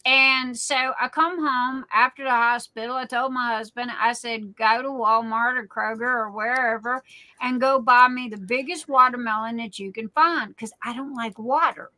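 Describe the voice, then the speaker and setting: A woman's voice: fairly high pitch, steady tone, normal speed, pushed and bright, poor audio. A middle-aged woman, chatting casually as a guest on a live stream. She tells stories in a rambling way and often repeats and restarts her words. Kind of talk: casual chat.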